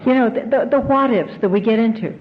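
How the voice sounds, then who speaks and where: A woman's voice: a little high, fast talker. Earnest woman on dull old tape. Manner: earnest, repeats phrases for emphasis. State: emotional. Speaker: recovery convention speaker. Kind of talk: heartfelt recovery talk to an audience. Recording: dull 1990s tape, faint hiss.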